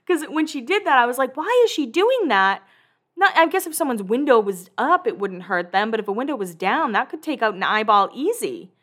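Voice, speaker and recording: A woman in her thirties hosting a podcast, gossiping through a casual, chatty recap of a reality show. She acts out the cast's lines in quick bursts and swears freely. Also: a little high, lively intonation, a bit bright.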